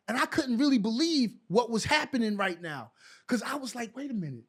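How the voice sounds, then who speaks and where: His voice very high and fairly quick, a middle-aged ex-pro basketball player spins stories during a casual interview. He acts out remembered conversations with lots of animation.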